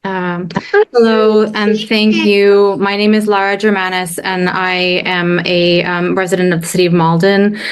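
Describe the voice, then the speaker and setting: A woman physician from Massachusetts addresses a city council over a video call. She speaks in an earnest, measured way, with a few fillers as she begins. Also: medium pitch, flat delivery, smooth. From Medford, Massachusetts. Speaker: physician calling in to public comment.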